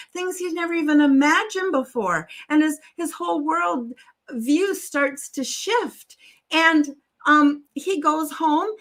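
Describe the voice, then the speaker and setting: A woman telling a long story on a live stream, meandering, breaking off and adding wry asides to her listeners. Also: sits high. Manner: meandering, self-interrupting, with wry asides to the audience. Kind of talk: rambling spoken storytelling.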